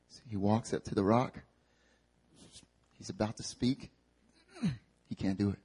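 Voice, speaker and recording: A pastor preaching a sermon in an animated, joking, conversational way. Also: male voice, fairly low pitch, unhurried, pauses often, slightly rough. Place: church service.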